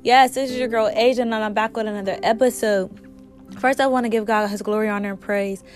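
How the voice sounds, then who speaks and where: Woman host doing a faith talk, bit sick voice, kinda high, soft music in the back. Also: fairly even intonation, a little fast. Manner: earnest, testifying, conversational. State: sick, voice a little off. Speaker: podcast host.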